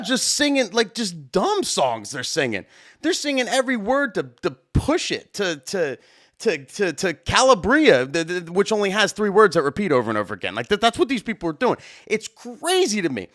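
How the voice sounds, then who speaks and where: A young adult man, a wedding DJ hosting his own show, tells a story casually, with a rambling, excitable delivery full of fillers and swearing. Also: high voice, dry recording, clean studio sound.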